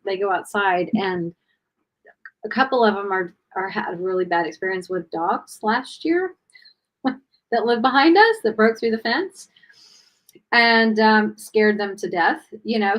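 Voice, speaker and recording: A woman's voice: medium pitch, low-quality recording. A woman hosting a chat about her cats, talking casually from home with lots of fillers and restarts. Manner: chatty, rambling, many fillers and restarts. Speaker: podcast host.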